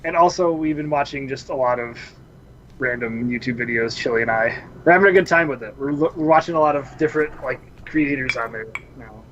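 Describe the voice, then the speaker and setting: A man's voice: mid-range voice, fairly quick, dull audio, slight background noise. A man co-hosting a casual podcast, telling stories. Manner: animated storyteller, laughs often. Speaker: podcast co-host. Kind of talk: casual chat.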